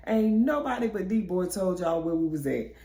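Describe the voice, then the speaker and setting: A woman's voice: fairly low pitch, animated, normal speed, warm tone. Brusque young man as a woman puts him on, dismissive, echoey room. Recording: roomy echo.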